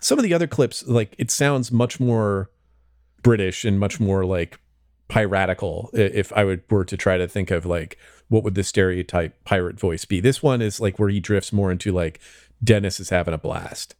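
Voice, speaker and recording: Low-voiced man in a dry recording. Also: moderate pace, a little mellow, no echo. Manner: rambling, hedging with fillers. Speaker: podcast co-host. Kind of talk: casual chat.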